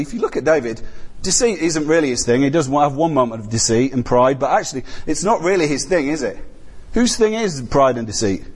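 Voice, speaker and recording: A man's voice: a little high, husky. A man preaching a sermon in a conversational way, often putting rhetorical questions to the congregation.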